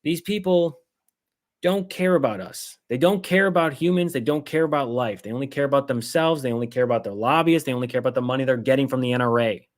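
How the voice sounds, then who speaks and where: A man's voice: medium pitch, quick pace. A man hosting a political livestream, ranting heatedly with swearing and sarcastic mimicry. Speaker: political commentary host. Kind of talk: angry livestream rant.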